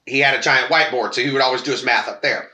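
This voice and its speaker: A man's voice: medium pitch, fairly even intonation, rapid-fire, pushed and bright, roomy sound. A man on a casual podcast telling a long personal story, acting out quoted voices and swearing freely. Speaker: podcast co-host.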